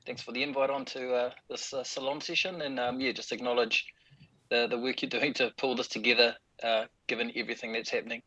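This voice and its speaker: A man from New Zealand, a guest speaker, greeting his host over a video call in a measured, polite way. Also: medium pitch, little pitch movement, sharp tone, no echo, rough recording. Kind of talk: casual chat.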